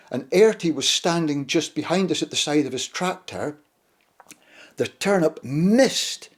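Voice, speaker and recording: An older man from Shetland, telling childhood stories in a casual, unhurried way. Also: mid-range voice, husky. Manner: unhurried, fond retelling of childhood memories. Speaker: storyteller. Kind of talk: casual spoken storytelling.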